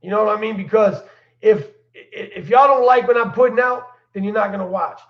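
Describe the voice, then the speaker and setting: A man with a high-pitched voice speaks at normal speed, hosting his own livestream and casually telling stories in slang-heavy talk, laughing as he goes. The room is echoey and the sound dull and lo-fi.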